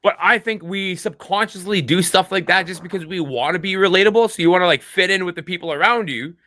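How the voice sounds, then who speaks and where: Bright-voiced Canadian man chatting. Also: high voice, fast, no echo. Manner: loose, lots of "like" and quoted voices. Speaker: podcast co-host. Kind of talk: casual chat.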